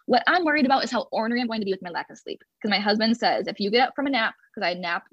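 A woman's voice: on the high side, expressive, racing, no room sound, dull audio. A pregnant woman in her third trimester, talking openly and with emotion as a podcast guest, often laughing. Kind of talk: conversational interview.

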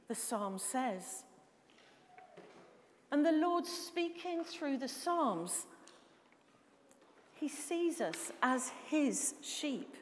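Slow-spoken high-voiced woman preacher. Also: sing-song, slight background noise. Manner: measured, emphatic, asks the room questions. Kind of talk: sermon with congregation questions. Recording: reverberant hall.

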